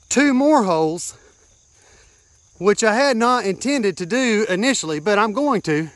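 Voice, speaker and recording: This DIY vlogger has a high-pitched voice and talks casually while building something in his backyard. He takes viewers through it step by step, points things out, and sometimes runs short of breath. No room sound comes through.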